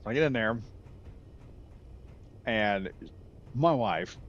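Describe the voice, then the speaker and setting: A low-voiced man telling a rambling story, his pitch swinging widely as he goes. He often corrects himself and laughs at his own jokes. The recording is slightly muffled, with a faint hiss behind him. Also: animated, slow pace. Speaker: gaming channel host. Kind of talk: casual storytelling.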